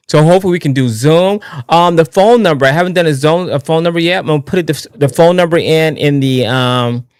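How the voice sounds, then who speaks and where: A man hosting his own live political talk stream in a casual, excitable, rambling way, often restarting his sentences. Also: fairly high pitch, smooth, no echo, clean studio sound. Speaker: livestream political show host.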